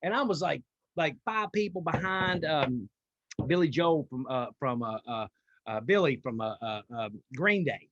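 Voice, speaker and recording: A man's voice: on the high side, unhurried, no room sound, muffled recording. A man guesting on an interview show, chatting casually and acting out the people in his stories. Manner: animated storyteller, acts out quotes. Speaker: guest singer.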